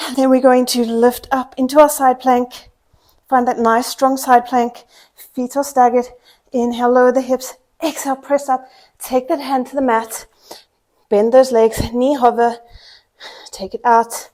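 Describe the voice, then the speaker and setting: Fairly high-voiced woman cueing pilates. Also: little pitch movement, a little mellow. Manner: brisk short exercise cues, counting down. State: out of breath. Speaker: pilates instructor. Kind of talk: cueing a workout class.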